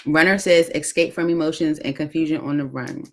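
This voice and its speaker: A woman reading tarot cards aloud in a casual, chatty way, thinking out loud with many fillers. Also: deep voice, fairly even intonation, a little fast. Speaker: tarot reader.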